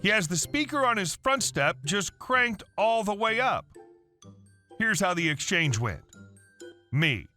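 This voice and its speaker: A man narrating story posts in a scripted, wry, animated way. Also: high-pitched, unhurried, faint music behind.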